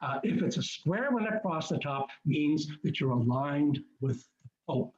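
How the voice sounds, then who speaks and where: A chatty, enthusiastic man with a fairly high voice hosts a travel webinar, rambling and restarting as he goes. His voice comes through a computer mic, dull and lo-fi. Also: lively intonation, a little slow, a little mellow. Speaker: group cruise host presenting a webinar. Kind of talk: casual webinar presentation. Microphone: computer mic on a video call.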